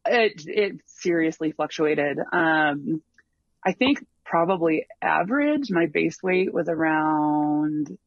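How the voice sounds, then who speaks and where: A man with a fairly high voice talks through his long hike at an easy pace, often stalling on ums and starting his sentences over. The sound is dull and lo-fi, close and dry, with no room around it. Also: expressive, slow, no room sound. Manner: rambling, full of ums and restarts. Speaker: long-distance hiker guest. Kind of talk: casual interview storytelling.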